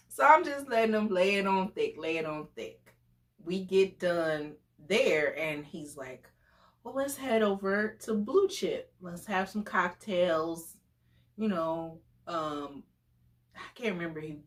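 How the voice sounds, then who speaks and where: A woman in her forties telling a personal story in a chatty, conversational vlog. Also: low-pitched. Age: 40s. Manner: chatty, conversational, full of fillers. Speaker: vlogger.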